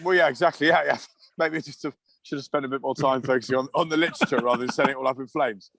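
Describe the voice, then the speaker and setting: A middle-aged man spins long, rambling stories in a relaxed podcast chat, full of restarts and chuckles. His voice sits at a middle pitch. It is recorded close and dry, with no room sound. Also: rapid-fire, gravelly, no room sound. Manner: rambling anecdotes with many restarts and laughs. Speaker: guest, former rugby player. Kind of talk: casual storytelling chat.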